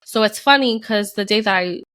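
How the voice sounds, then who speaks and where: A woman's voice: mid-range voice, fairly quick, clear, resonant tone. A young adult woman co-hosting a podcast, telling a personal story in casual chat and acting out the people in it. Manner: animated storyteller, acts out quoted people. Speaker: podcast co-host.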